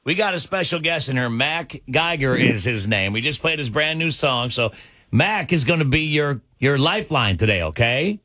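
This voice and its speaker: A man's voice: mid-range voice, expressive, sharp tone, no echo, studio quality. A man hosting a morning radio show, bantering and running a quiz game. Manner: jokey, chatty, quick banter.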